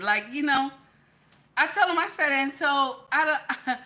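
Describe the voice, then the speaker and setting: Female stream host, chatty and animated, forceful bright tone. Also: high voice, a little slow. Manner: animated, repeats "okay?" constantly. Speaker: livestream host. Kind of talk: casual chat reading viewer comments.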